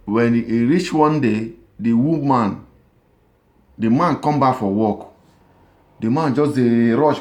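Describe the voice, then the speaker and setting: A man with a Nigerian Pidgin accent tells a comic story, animated and repeating phrases, slipping sly asides to the listener. His voice sits at medium pitch and moves a little slowly.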